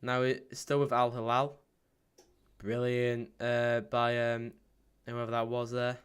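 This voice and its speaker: A man hosting a live football watchalong stream. He chats casually, reads out viewer comments with plenty of ums, and breaks into excited play-by-play. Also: mid-range voice, slow pace, clean tone. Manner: bursts into excited play-by-play at goals. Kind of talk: live match watchalong chat.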